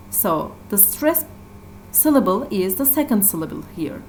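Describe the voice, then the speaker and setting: A woman teacher with a Turkish accent who explains English vocabulary slowly, repeating each word and stressing its syllables. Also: mid-range voice, animated, a little mellow, slight background noise. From Turkey. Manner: slow and repetitive, stressing syllables. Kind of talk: classroom vocabulary lesson.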